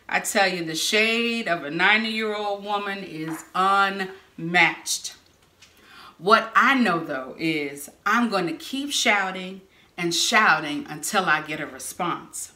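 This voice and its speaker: A woman preaching a sermon, telling stories with lively bursts of shouting. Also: fairly low pitch, takes it slowly. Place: church sanctuary or hall. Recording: echoey room.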